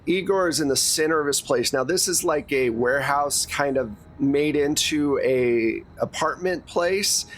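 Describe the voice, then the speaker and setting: A man's voice: on the high side, measured pace, few pauses, fairly bright tone, a little hiss or hum. A man narrating a tabletop game as game master in a casual, profane way.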